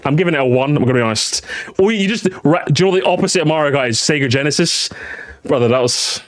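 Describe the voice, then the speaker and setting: A British man streaming live, reacting to videos and chatting to his viewers in a rambling, animated way. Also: fairly high pitch, quick pace, no room sound, studio quality. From Britain. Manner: animated, chatty, repeats himself, addresses chat. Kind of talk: casual live-stream commentary.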